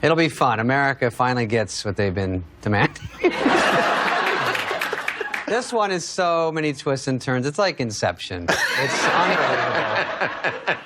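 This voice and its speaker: A man guest on a talk show, telling a story sarcastically and slipping into quick impressions of other people. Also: medium pitch, very animated. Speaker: guest comedian. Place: television studio. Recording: studio audience and noise behind.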